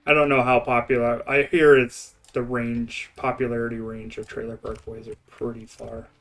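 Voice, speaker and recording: A man's voice: mid-range voice, flat delivery, normal speed, fairly bright tone. A young man with an Eastern Canadian accent, chatting and rambling while he streams a building game, often laughing. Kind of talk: casual gameplay commentary.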